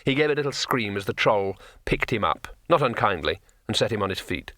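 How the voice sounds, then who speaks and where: A man narrating an audiobook in a steady storytelling manner. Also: on the low side, fairly quick, dry recording, clean studio sound. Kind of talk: scripted narration.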